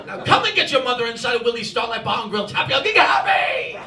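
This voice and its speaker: A man putting on his older English mother, an angry, demeaning, shouting woman, on stage. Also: very high voice, sing-song, fast talker, full character voice. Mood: scornful. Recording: roomy club, mic far, crowd laughter.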